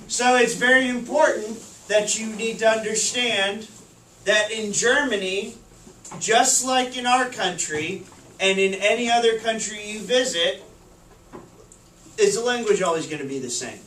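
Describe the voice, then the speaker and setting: A man's voice: high voice, unhurried, pushed and bright, a little hiss or hum. A male teacher, leading a classroom lesson by asking the class questions and repeating their answers. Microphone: far camera. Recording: echoey classroom from far off.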